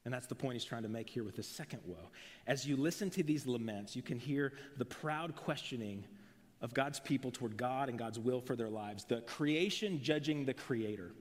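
A man's voice: mid-range voice, normal speed. A man preaching a sermon as pastor, earnest with emphatic rising phrases, recorded in a church sanctuary on a pulpit mic. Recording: long reverb of a large hall.

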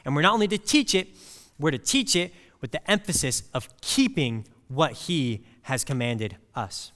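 Animated preacher in a reverberant hall. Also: male voice, a little high, normal speed. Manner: conversational preaching with anecdotes. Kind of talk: sermon.

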